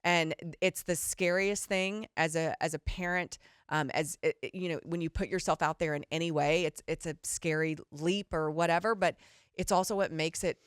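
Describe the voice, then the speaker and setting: A middle-aged woman co-hosting a podcast, talking in a candid, rambling, animated way and swearing casually. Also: deep voice, normal speed, smooth, no echo, studio quality. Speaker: podcast co-host. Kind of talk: casual chat.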